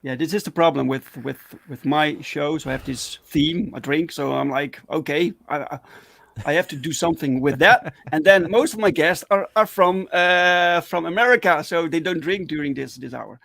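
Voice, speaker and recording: Excitable gravelly-voiced male host. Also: on the high side, moderate pace, hardly any pauses, no room sound. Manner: excitable, many fillers and restarts. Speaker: talk show host. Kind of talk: casual livestream chat.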